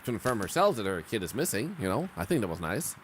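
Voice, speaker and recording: A man's voice: fairly low pitch, big pitch swings, fast, noisy background. A man streaming a game, rambling and joking with sarcastic asides. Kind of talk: game commentary.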